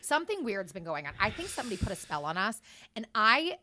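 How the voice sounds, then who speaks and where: A woman's voice: mid-range voice, very animated, fast talker, pushed and bright, a little hiss or hum. Emphatic, swearing woman podcaster. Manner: emphatic, swears freely, exasperated teasing. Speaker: podcast co-host. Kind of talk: casual chat.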